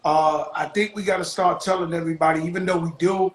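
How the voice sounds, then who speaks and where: A man's voice: on the high side, steady tone, fast talker, reverberant, low-quality recording. A man hosting a casual call conversation, talking in a heartfelt way and stumbling over repeated words. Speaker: host.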